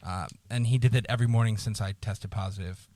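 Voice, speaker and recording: A man on a podcast telling a painful personal story, halting, repeating words and swearing often, close to tears. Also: on the low side, fairly even intonation, a little mellow, dry recording. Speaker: podcast co-host.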